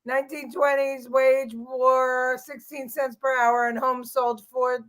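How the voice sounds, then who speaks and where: A middle-aged woman hosting a live talk stream, reading viewer comments aloud with frequent laughs and halting pauses. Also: sits high, little pitch movement, fairly bright tone. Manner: laughs often, halting as she reads comments. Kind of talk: casual live-stream chat.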